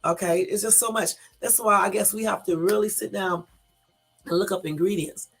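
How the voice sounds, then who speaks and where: A woman with a gravelly, creaky voice hosts a casual live stream and talks straight to her viewers. She reads out the news with emphatic, exasperated asides. Her pitch sits in a middle range, and soft music plays faintly behind her. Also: steady tone, normal speed. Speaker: YouTube live-stream host. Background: faint background music.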